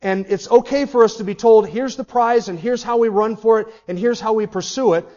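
High-voiced preacher on a dull recording. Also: male voice, brisk, mellow. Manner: emphatic, with rhetorical questions to the congregation. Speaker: pastor. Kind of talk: sermon.

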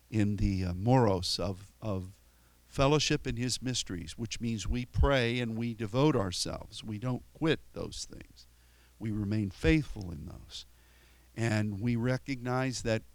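Man, sermon, earnest, rambling, middle pitch, dry sound. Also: no room sound. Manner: earnest, rambling, with many restarts and fillers; rises sharply in pitch and volume for emphatic quotes. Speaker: preacher.

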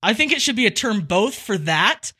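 A podcast co-host with a bright, sharp-edged voice. He chats casually, rambling through his stories with plenty of giggles. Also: high voice, moderate pace, husky. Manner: giggly, rambling, animated storyteller. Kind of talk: casual chat.

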